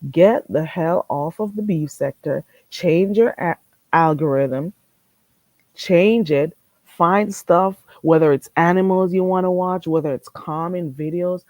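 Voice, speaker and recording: A woman's voice: fairly low pitch, darkish tone, no echo. A woman hosting a casual livestream, talking bluntly, swearing freely and answering her chat. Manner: reads chat aloud and answers it. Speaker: livestream host.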